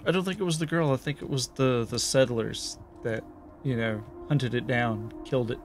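A man co-hosting a let's play, making teasing, quick remarks in casual chat. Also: medium pitch, over music.

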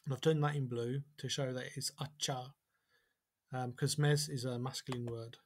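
A man giving a whiteboard language lesson. He sounds out example phrases slowly and carefully. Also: medium pitch, fairly even intonation, a little hiss or hum. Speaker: language teacher.

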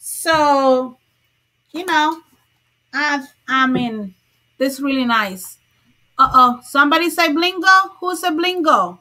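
Woman doing a crochet livestream, bright high voice, slow easy talk, lots of laughing and hi-ing folks by name. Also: animated. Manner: chatty, greets viewers by name, laughs often. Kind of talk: casual livestream chat.

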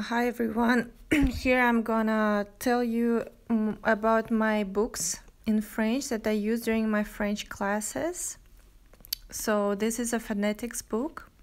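Slow, hesitant woman teaching French. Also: mid-range voice. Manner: slow, hesitant, many "uh" and "yeah?" checks; reads French examples aloud and translates. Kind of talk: language lesson, book review.

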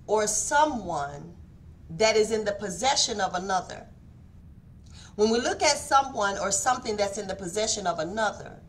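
Woman devotional speaker, bright tense tone, emphatic call-and-response preaching, faint rumble under the voice. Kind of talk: morning devotional talk. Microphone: online stream mic.

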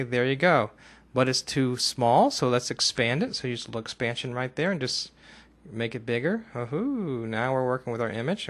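A man narrating a casual software screencast tutorial, talking himself through each step and now and then bursting into excited whoops, recorded on a desktop mic at his computer. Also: mid-range voice.

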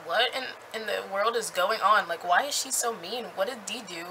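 A woman's voice: medium pitch, moderate pace, sharp tone, a little hiss or hum, rough recording. A woman voicing a flustered, bewildered teenage girl in a book recap. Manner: indignant, bewildered.

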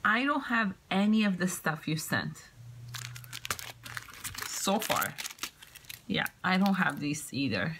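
Woman vlogger, slow and gushing, hushed half-whisper, with loud paper crinkling behind her. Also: on the low side, big pitch swings, a little hiss or hum, rough recording. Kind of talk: craft mail unboxing. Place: home, indoors.

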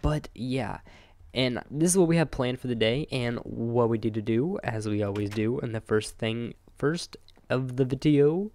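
A young man hosting his own gaming channel, chatting casually over his gameplay into a desk microphone, rambling and excitable and greeting his in-game animals. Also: medium pitch, moderate pace, no room sound. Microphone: close desk microphone.

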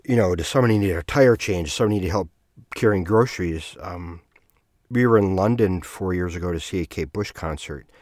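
A man hosting his own podcast, telling a personal story in a rambling, self-correcting way with soft laughs. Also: low voice, brisk, no room sound, studio quality. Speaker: podcast host. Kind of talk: casual storytelling monologue.

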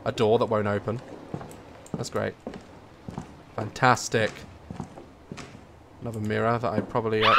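A man's voice: fairly low pitch, little pitch movement, unhurried, vocal fry, pauses often, shouting, very noisy. A young man commentating a horror game, joking nervously and breaking into sudden screams. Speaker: gaming YouTuber.

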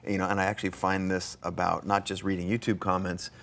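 A male host with a lowish voice leads a live studio interview. He chats enthusiastically and throws in quick asides. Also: little pitch movement, vocal fry, fairly bright tone.

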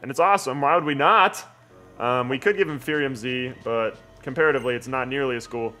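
A man's voice: medium pitch, fairly quick, pushed and bright, faint music behind. A man giving casual, rambling and jokey gameplay commentary as a let's play host.

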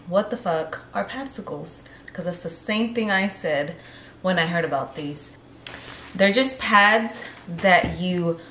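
A woman's voice: lowish voice, a bit bright, echoey room, slight background noise. A young pregnant woman chatting casually on her vlog, out of breath and rambling as she corrects herself. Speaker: vlogger.

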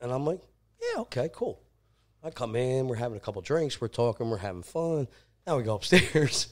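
Animated man telling a wild story. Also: mid-range voice, brisk. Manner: laughing, animated anecdote teller, swears often. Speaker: podcast guest. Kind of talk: casual storytelling.

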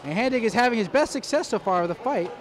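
A man's voice: very high-pitched, animated, quick pace, crowd noise. A man giving live boxing commentary in a dry, wry way, with many fillers and restarts.

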